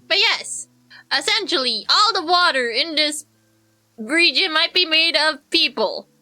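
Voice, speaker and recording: A woman's voice: high voice, lively intonation, unhurried, sharp tone, soft background music. A young woman streaming a game, chatting in a rambling, jokey way and answering her chat. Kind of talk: casual gameplay commentary.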